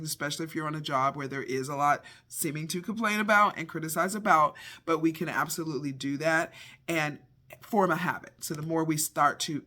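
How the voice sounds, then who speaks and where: A middle-aged man with a high, ringing voice gives a devotional talk. He tells his story in a lively, expressive way, acting out each scene as he goes. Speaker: devotional speaker.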